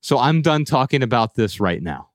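A man hosting a podcast, explaining ideas in a steady, practical, conversational way. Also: medium pitch, moderate pace, no room sound, studio quality. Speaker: podcast host. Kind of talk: casual podcast discussion.

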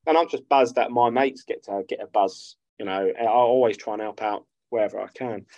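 A man's voice: lowish voice, a little fast, darkish tone, no room sound, highs cut off. A man, chatting casually as a guest musician, rambling and swearing freely. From South London. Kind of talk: casual interview chat.

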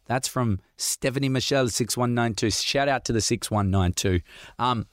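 A man's voice: medium pitch, moderate pace, dry recording, studio quality. A man hosting a podcast, answering listener questions in a jokey, rambling way. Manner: jokey, rambling, laughs often. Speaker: podcast host. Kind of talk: casual Q&A chat.

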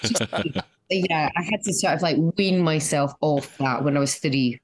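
A woman's voice: low voice, unhurried. A middle-aged Scottish woman, a guest comedian in a casual chat, chatty and self-mocking, often laughing. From Scotland.

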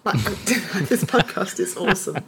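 A woman from Scotland co-hosting a podcast in casual chat, talkative and quick to laugh, picking apart words. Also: medium pitch, big pitch swings, gravelly, fairly bright tone, slight background noise. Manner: chatty, laughs often, picks at words. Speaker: podcast co-host.

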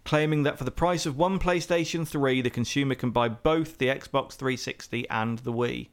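A man's voice: mid-range voice, moderate pace, clean tone. A man co-hosting a casual podcast, reading background notes aloud with dry, wry asides.

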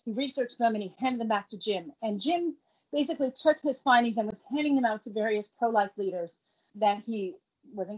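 A middle-aged woman telling a family story in a casual, animated way, acting out the quoted voices as she goes. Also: on the high side. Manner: animated, acts out the quoted voices, laughs between lines. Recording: dull lo-fi recording.

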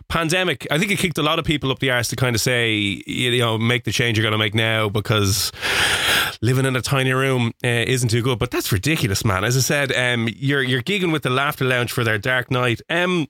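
An Irish man hosts a casual interview, chatty and quick to react. His voice sounds bright and edgy, recorded close and dry. He asks long, rambling questions. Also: mid-range voice, no room sound. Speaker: interview host.

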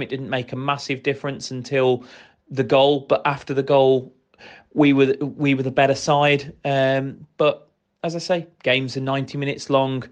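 A man calmly reflecting on a football match, fair-minded and analytical, with frequent restarts. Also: mid-range voice. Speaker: pundit from the other club.

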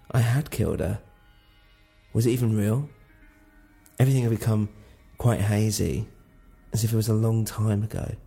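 Low, gravelly male narrator. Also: mellow. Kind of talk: first-person audio drama narration.

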